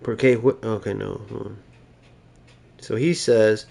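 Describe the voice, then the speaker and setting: A man's voice: fairly low pitch, steady tone, unhurried, creaky, a little mellow. A young man, a gaming YouTuber, ranting in mocking, exasperated gameplay commentary.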